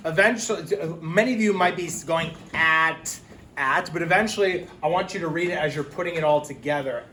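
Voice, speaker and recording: A male teacher giving a phonics lesson to young children, sounding out letters slowly and clearly and offering encouragement. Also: a little high, pushed and bright, echoey room, a little hiss or hum. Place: classroom.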